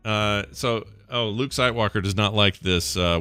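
A middle-aged man co-hosting a casual podcast, telling stories and ranting in an animated way. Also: fairly low pitch, normal speed, smooth, no room sound. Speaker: podcast co-host. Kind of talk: casual chat.

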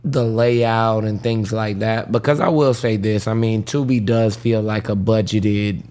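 A man co-hosting a podcast in casual chat, slow and thoughtful, laughing easily, with hiccups. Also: lowish voice, steady tone, darkish tone. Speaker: podcast co-host.

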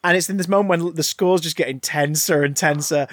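A man co-hosting a podcast, chatting casually about a film, animated and swearing freely as he acts out scenes. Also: fairly high pitch, a little fast. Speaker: podcast co-host. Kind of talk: casual film review chat.

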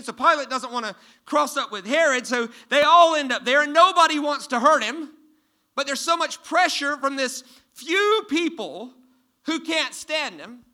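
A pastor preaches to his congregation from a church stage, his voice extremely high-pitched. He quizzes the listeners and swings between loud emphasis and hushed tones.

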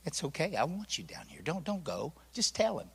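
A man putting on the voice of God, so soft it is nearly a whisper and gently reassuring. It sits a bit higher than ordinary and rings out in a big, echoing hall. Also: wildly swooping pitch, a little fast, gravelly, slightly rough, exaggerated voice. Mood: tender. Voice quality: very soft, tender, hushed.

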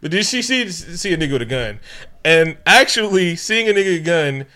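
A man's voice: on the high side, sing-song, brisk, sharp tone. Podcast co-host, man, loose comic storytelling, lots of laughing. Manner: laughs often, acts out characters in slangy voices. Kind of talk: casual comedic movie recap.

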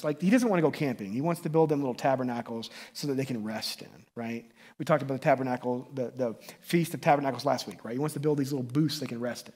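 Husky-voiced pastor, chatty and excitable. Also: male voice, mid-range voice, quick pace. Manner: conversational, excitable, frequent restarts and "right?" tags. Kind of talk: sermon.

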